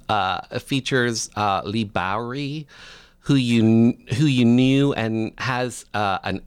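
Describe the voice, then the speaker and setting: A man interviewing a guest, asking questions in quick, enthusiastic bursts. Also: medium pitch, clean tone, no room sound.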